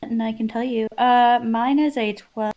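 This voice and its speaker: A woman's voice: on the high side, steady tone, unhurried, a little mellow, lo-fi sound. A woman playing a tabletop game, talking casually with a little hesitation. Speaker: player.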